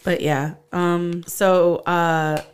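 A woman co-hosting a podcast, chatting casually and telling stories with quick asides and laughs. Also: lowish voice, little pitch movement, clear, resonant tone. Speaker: podcast co-host and stand-up comic. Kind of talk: casual chat.

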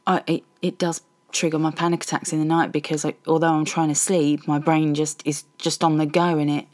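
A woman's voice: deep voice, darkish tone. A middle-aged woman hosting a podcast, talking candidly and ramblingly about her frustrations in a personal monologue. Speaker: podcast host.

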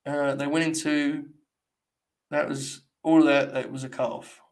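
A man's voice: on the high side, level tone, measured pace. A young man hosting a live stream, giving blunt, sarcastic, casual commentary and swearing freely.

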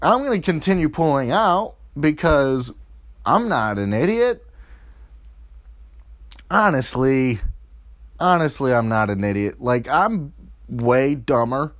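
A man's voice: medium pitch, lively intonation, slow pace, pauses often, a bit bright, dry recording, studio quality. A young man delivering a crude, profane comedic rant, rambling and mocking.

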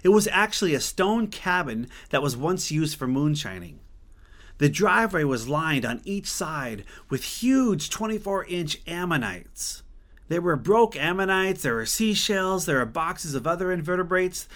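A man's voice: a little high, sing-song, unhurried, a bit bright. A man from Montana telling a personal story in an earnest, conversational way, often stopping to correct himself.

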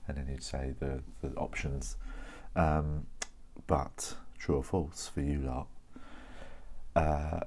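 Very deep-voiced chatty man. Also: slow pace, vocal fry, mellow, breathy edge. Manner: rambling, chatty, self-correcting. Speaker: podcast host. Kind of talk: casual solo chat. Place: at his desk.

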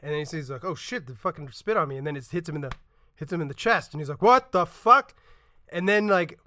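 A man's voice: fairly high pitch, quick pace, bright, forceful tone. A man co-hosting a podcast, retelling scenes in a casual, profane way and acting out quotes as he goes. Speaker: podcast co-host. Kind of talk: casual chat.

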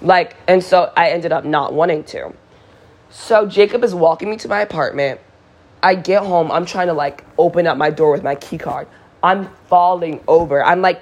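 A woman's voice: on the low side, normal speed. A young adult woman vlogger telling a story in a blunt, profane, dramatic way. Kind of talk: casual storytime.

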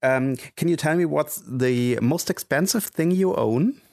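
Gravelly man interviewing. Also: fairly high pitch, a little slow, darkish tone, no echo, studio quality. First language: German. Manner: hesitant, many ums and uhs. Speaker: mock interviewer in a comedy sketch. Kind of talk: improvised comedic interview.

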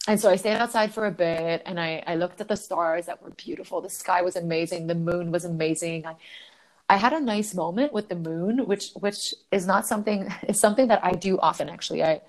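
A woman guest on a podcast telling a personal story in casual chat. She talks in an animated way, laughs often, swears casually and acts out her own thoughts in quotes. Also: fairly low pitch, a little fast.

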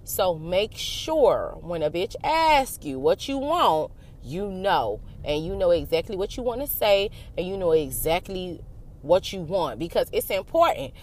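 A woman vlogging self-help advice in a casual, frank and profane way, acting out both sides of a talk with herself. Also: mid-range voice. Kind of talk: casual motivational monologue.

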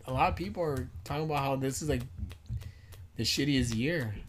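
A man's voice: mid-range voice, fairly quick, a little hiss or hum. A young man co-hosting a podcast, joking around and swearing casually in slangy chat. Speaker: podcast co-host.

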